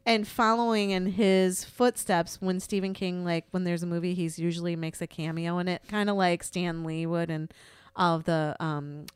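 Woman, casual podcast co-host; smooth voice, dry close sound, lively swearing storyteller. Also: lowish voice, normal speed, dry recording. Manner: chatty, swears freely, animated storytelling. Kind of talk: casual chat.

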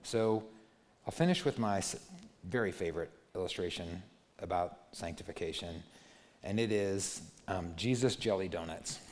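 A man preaching a sermon as a pastor, moving from hushed, gentle passages to loud, animated ones. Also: sits low, moderate pace. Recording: long hall reverb.

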